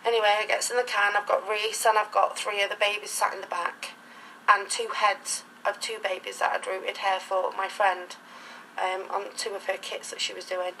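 A woman's voice: medium pitch, flat delivery, moderate pace, bright, forceful tone, slight background noise, poor audio. A middle-aged woman talking casually in an interview, rambling through anecdotes in a chatty way. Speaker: interviewee, reborn doll collector.

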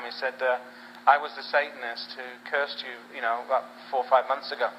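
Animated male preacher telling a story. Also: medium pitch, fairly quick, highs cut off, a little hiss or hum. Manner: animated storyteller, acts out phone dialogue with humor. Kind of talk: sermon storytelling.

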